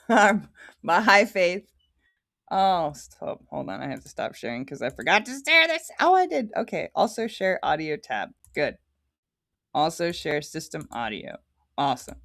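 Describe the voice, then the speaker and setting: A woman's voice: sits low, vocal fry, fairly bright tone. Giggly woman hosting a scripture livestream. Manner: giggly, chatty, prone to tangents. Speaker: livestream host reading scripture. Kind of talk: casual livestream reading.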